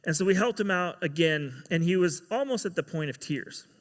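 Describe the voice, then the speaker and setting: A man's voice: high-pitched, animated, moderate pace, in a large hall. A man giving a sermon as pastor, telling a story and acting out the quoted dialogue.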